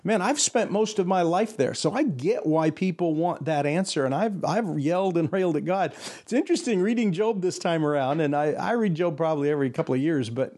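Earnest older man, slightly high voice. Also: animated, darkish tone. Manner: earnest, pauses and restarts while thinking aloud. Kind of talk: reflective faith conversation.

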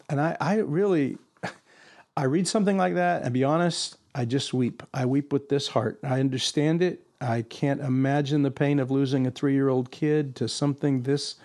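A man's voice: medium pitch, fairly even intonation, normal speed, darkish tone. An older man hosting a faith conversation, earnest and reflective, often restarting his sentences as he thinks aloud.

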